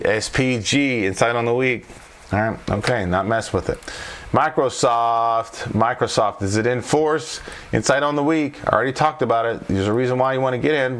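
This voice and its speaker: A trading coach talking through stock charts off the cuff, thinking aloud and checking in with his viewers after every point. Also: fairly low pitch. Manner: thinks aloud, repeats tag questions. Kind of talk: unscripted chart walkthrough.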